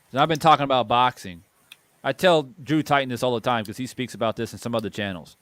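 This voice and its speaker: A man's voice: mid-range voice, no echo. A man hosting a boxing channel, delivering a heated opinion monologue and repeating phrases for emphasis.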